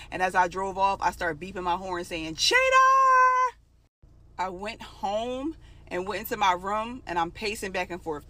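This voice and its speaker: A woman's voice: lowish voice, a bit bright, a little hiss or hum. A young adult woman telling a personal story in a casual, emotional, conversational way.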